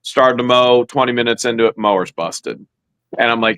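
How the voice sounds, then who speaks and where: Animated man telling a long story. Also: mid-range voice, moderate pace, clean tone, no echo, poor audio. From Ohio, USA. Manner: animated storytelling, acts out his own quotes. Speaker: co-host. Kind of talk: casual chat.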